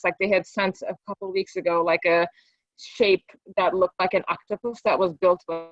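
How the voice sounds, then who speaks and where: A woman's voice: on the low side, fairly even intonation, moderate pace, dry recording, lo-fi sound. A woman, a parent, telling her coach in casual talk how a session went, hesitant and full of fillers and restarts.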